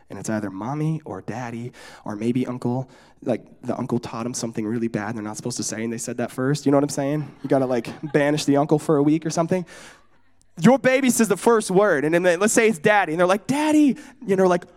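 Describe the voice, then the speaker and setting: A man's voice: mid-range voice, fairly quick. A young adult man from California preaching a casual sermon, joking and telling stories, asking the audience questions and going off on tangents. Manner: joking, storytelling, audience asides. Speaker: pastor.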